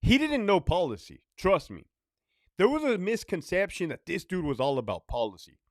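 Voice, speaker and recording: Blunt, profane man ranting, lively pitch. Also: moderate pace, dry recording, studio quality. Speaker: former prison officer. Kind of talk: casual storytime monologue.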